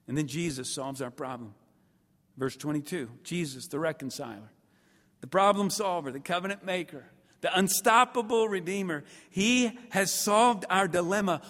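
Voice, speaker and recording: At a seminary, a man with a fairly high voice preaches a sermon, animated and emphatic, voicing what his listeners might be thinking and swinging from loud to quiet. A long hall reverb fills the recording.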